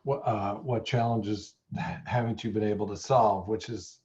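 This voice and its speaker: Low, mellow-voiced man, muffled lozenge talk. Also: steady tone, measured pace. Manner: thoughtful, stammers on restarts. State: talking around a throat lozenge. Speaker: nutrition scientist guest. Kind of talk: conversational interview.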